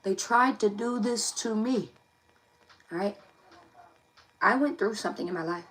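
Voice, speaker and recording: A woman's voice: medium pitch, a little slow, fairly bright tone, poor audio. A young woman, reading tarot casually to camera in a confiding, emphatic way that repeats itself. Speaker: tarot reader.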